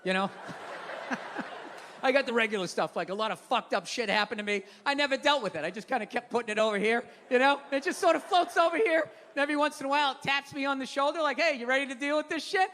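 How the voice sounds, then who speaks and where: A man in his fifties performing a profane stand-up rant, chatty and swearing, building to shouted punchlines on a live stage. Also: very high-pitched, fast talker. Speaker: stand-up comedian. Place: live comedy venue stage. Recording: reverberant live venue, audience noise. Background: audience laughter.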